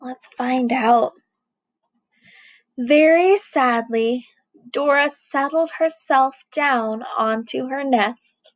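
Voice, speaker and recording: A woman reading a children's story aloud in an animated way, gasping and asking her listeners questions. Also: high-pitched, extremely slow, no echo, low-quality recording.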